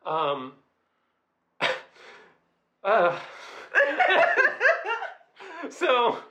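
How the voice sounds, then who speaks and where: A young man telling a story in casual chat, animated, laughing and acting out quotes. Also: very high voice, extremely slow, echoey room.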